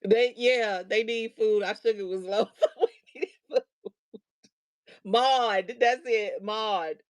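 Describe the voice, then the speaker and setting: A woman's voice: fairly high pitch, slow. A middle-aged woman hosting a show, casually telling a funny story and laughing often as she talks. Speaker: host.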